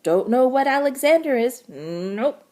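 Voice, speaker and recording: A woman voicing a terse male frog who croaks in clipped phrases in a children's storybook. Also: sits high, animated, unhurried, dark tone, voice pushed up. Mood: curt.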